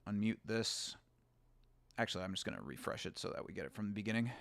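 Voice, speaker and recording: A man hosting a commentary show, speaking in a casual, blunt, profane way with halting restarts. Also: lowish voice, expressive, creaky, fairly bright tone, no room sound. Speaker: show host. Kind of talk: live commentary on clips.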